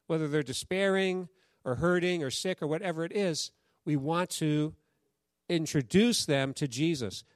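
A man's voice: on the high side, no echo. A man preaching a sermon as pastor, telling a story and urging the congregation to respond. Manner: exhorting the congregation, lively call-and-response.

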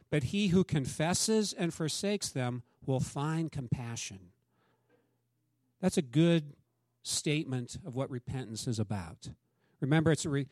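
High-voiced man preaching a sermon. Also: no room sound, studio quality. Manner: conversational preaching, acts out quoted dialogue. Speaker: pastor.

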